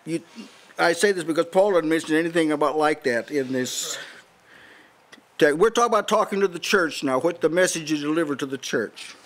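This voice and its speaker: A man's voice: fairly high pitch, brisk, a bit bright. Emphatic older man preaching a sermon. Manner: emphatic, challenging, with frequent restarts. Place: house church meeting.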